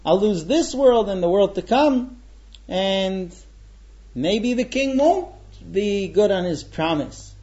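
A man's voice: high-pitched, animated, takes it slowly, mellow, dull audio. A man voicing an anguished male servant torn over a cruel order, pleading and troubled.

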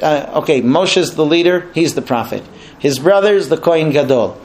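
A man giving a religious teaching, telling the story with animated, lively delivery. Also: fairly high pitch, moderate pace. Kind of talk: storytelling sermon.

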